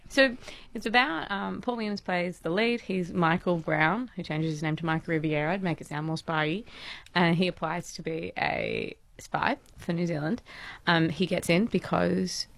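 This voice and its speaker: A woman co-hosting a casual chat about TV, rattling quickly through her asides. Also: lowish voice, animated, creaky. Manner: chatty, rushes through asides. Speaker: podcast co-host.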